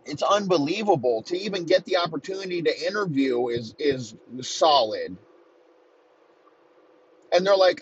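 A man in his thirties delivering a heated, profane comedic rant, talking in rapid-fire bursts. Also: fairly high pitch, expressive, highs cut off, slight background noise. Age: 30s.

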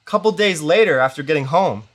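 A young man tells a story on his podcast in a loose, rambling way, leaning on "like" at every turn. He slips into quick quoted voices as he goes, keeping the telling animated. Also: fairly high pitch. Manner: rambling, filler-heavy with constant "like". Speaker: podcast host. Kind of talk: casual storytelling.

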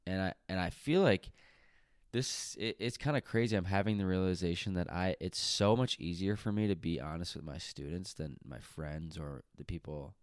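Deep-voiced man telling a casual story. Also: moderate pace, dry recording, studio quality. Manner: conversational, reflective, self-deprecating. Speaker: teacher.

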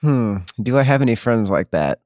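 A man's voice: medium pitch, expressive, moderate pace, darkish tone, no room sound, studio quality. A man chatting as a podcast guest, rambling with fillers and frequent laughs. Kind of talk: casual chat.

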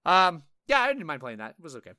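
A man's voice: on the high side, wildly swooping pitch, fast, sharp tone, smooth, no room sound, clean studio sound. A man co-hosting a casual gaming podcast, telling stories with lots of swearing and acting out his own reactions. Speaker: podcast co-host.

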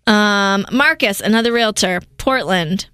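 A woman's voice: mid-range voice, a little slow, sharp tone, smooth, no echo, clean studio sound. A young woman co-hosting a podcast in casual chat, talking in a rambling way with lots of "like" and restarts. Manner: chatty, lots of likes and restarts. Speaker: podcast co-host.

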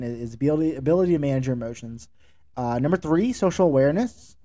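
Man, podcast host, mellow dark voice, conversational, earnest, solo leadership talk. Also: mid-range voice. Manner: conversational, earnest, with fillers and rhetorical "right?".

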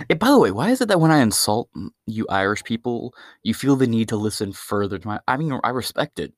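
A man's voice: mid-range voice, sing-song, fast, no echo, clean studio sound. A man hosting his own podcast, delivering a crude, profane, rambling stand-up style rant. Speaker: podcast host.

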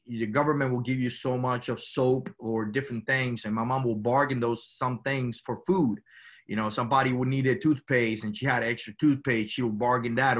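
A man from Cuba talks as an interview guest, telling his story in a loose, rambling way. He keeps adding "you know" and "man" as he goes. His voice is bright and forward. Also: mid-range voice. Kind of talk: casual storytelling.

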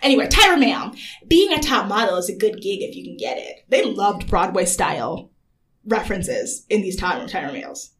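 A woman's voice: mid-range voice, very animated, normal speed, fairly bright tone, distant mic. A young woman co-hosting a podcast, recapping a reality show in casual chat, laughing often and leaning on "like". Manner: chatty, laughs often, fillers like "like". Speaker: podcast co-host.

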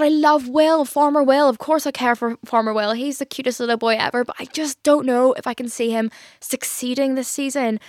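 Young Irish woman, podcast host, bright-ish pitch, casual gushing chat, dead-dry booth sound. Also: no room sound. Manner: chatty and gushing, many "like" fillers.

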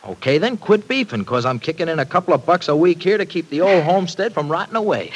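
An actor playing a brash, bitter young ex-con in a 1940s radio drama, talking in gruff slang. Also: male voice, on the high side, lively intonation, fast talker, poor audio. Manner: slangy, gruff, self-pitying talk. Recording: old radio recording with faint hiss.

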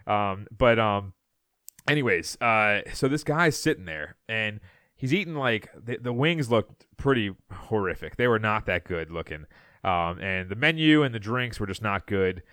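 A man co-hosting a podcast, telling a story in casual chat and acting out loud quotes, with many fillers. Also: lowish voice, measured pace, clean tone, no echo, clean studio sound. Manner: animated storyteller, acts out shouted quotes. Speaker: podcast co-host.

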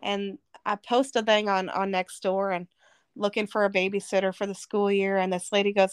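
A woman's voice: mid-range voice, little pitch movement, normal speed, smooth, no room sound. A woman from Arizona, a podcast guest, telling her personal testimony in an earnest, emotional way.

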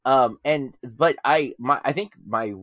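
A man's voice: medium pitch, measured pace, a bit bright, no echo. Dry-sounding man gushing about films. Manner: enthusiastic, rambling with frequent restarts. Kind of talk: casual film review chat.

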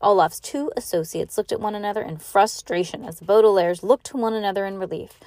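A mother reads a chapter book aloud at home in an easy, unpolished manner, tripping over words and going back to fix them. Her voice sits at a middling pitch for a woman. The recording is close and dry, with no room sound. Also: quick pace, few pauses, a little mellow, dry recording. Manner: casual, stumbles and restarts, laughs and comments between passages. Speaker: parent reading aloud to her child. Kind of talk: reading a novel aloud.

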